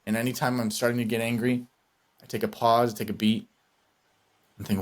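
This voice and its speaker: A man co-hosting a podcast in casual chat, reflective and measured as he thinks aloud. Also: mid-range voice, flat delivery. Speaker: podcast co-host.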